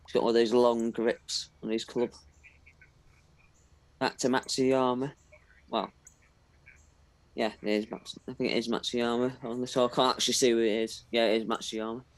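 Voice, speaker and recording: A British man co-hosting a casual sports watch-along, plainly calling the action as it happens on screen. His voice sits in a middle pitch and sounds close and dry. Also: flat delivery, moderate pace, long pauses, no room sound. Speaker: live stream co-host. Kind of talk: casual sports commentary chat.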